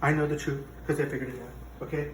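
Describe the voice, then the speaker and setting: A man's voice: on the high side, level tone, quick pace, a little hiss or hum, lightly acted. A man playing a boastful, rambling president who hosts a cooking show in a comic parody, talking in a kitchen. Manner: bragging, rambling, self-contradicting. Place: home kitchen. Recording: echoey kitchen, mic from a distance.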